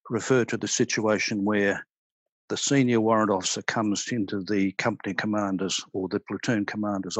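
An older man, a retired army officer speaking as a podcast guest, explaining in a measured, storytelling way. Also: lowish voice, husky, no echo, low-quality recording. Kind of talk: podcast interview.

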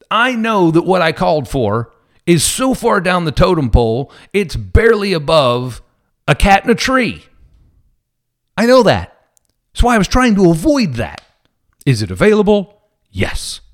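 A police officer with a high-pitched voice tells viewers a story casually, at a measured pace with long pauses. He's animated and acts out the people he quotes.

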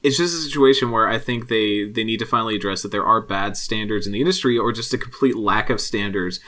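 A man's voice: fairly low pitch, fast talker, sharp tone. A man chatting casually as a podcast guest, making joking, wry asides. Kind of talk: casual chat.

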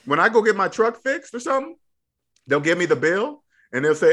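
A man's voice: fairly high pitch, sing-song, a little fast, a bit bright. A man coaching a younger guest on money, emphatic and preachy, repeating his points in casual podcast chat. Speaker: debt-free money coach.

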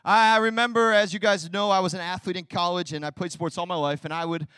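A young adult man preaching a sermon with energy, swinging from quiet to loud and mixing in casual slang. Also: sits high, fairly even intonation, quick pace, clear, resonant tone, no room sound, clean studio sound. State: tearful. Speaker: pastor.

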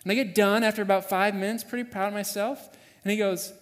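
A man preaching a sermon, telling a personal story with lively acted-out quotes. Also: high voice, moderate pace, long reverb tail. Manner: animated storyteller, acts out quoted voices. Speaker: pastor. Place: church sanctuary.

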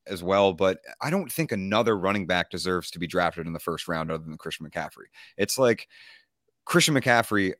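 A man from Canada co-hosting a casual sports podcast, relaxed as he rattles off stats. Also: fairly low pitch, dry recording, studio quality. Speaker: podcast co-host. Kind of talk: casual fantasy football talk.

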